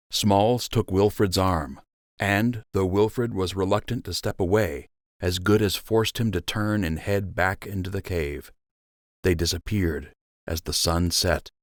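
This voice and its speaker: Low voice guy reading an audiobook, steady, dry close mic. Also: no echo. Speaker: audiobook narrator. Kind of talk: scripted audiobook narration.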